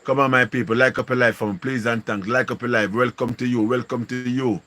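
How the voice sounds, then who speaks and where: A man's voice: medium pitch, steady tone, fairly quick, pushed and bright. A man with a Jamaican accent hosting a casual live stream, greeting viewers and repeating slangy catchphrases. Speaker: livestream host.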